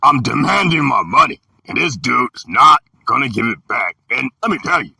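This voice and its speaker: Gravelly, preachy storyteller man in his 50s. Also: mid-range voice, very animated, moderate pace, dry recording. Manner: emphatic, preachy, sometimes shouting. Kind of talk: storytelling talk. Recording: dry and distant from the mic.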